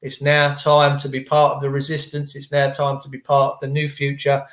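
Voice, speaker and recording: A man's voice: mid-range voice, monotone, moderate pace, fairly bright tone. A man vlogging a rambling, preachy spiritual monologue to his viewers in casual slang. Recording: echoey room.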